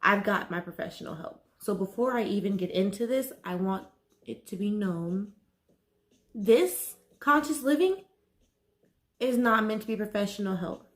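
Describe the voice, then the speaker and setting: Nervous woman vlogger talking slowly. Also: mid-range voice, lively intonation. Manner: nervous, slow and halting, with frequent "like". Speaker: wellness vlogger. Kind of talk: casual talk to camera.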